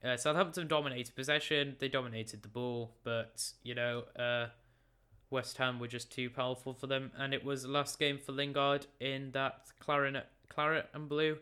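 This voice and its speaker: Brief: young man in his late teens doing a chatty, jokey football results rundown; bright, smooth voice. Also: mid-range voice, level tone, moderate pace. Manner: chatty, joking, stumbling over names. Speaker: football recap presenter. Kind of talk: casual football results recap. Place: room at a computer.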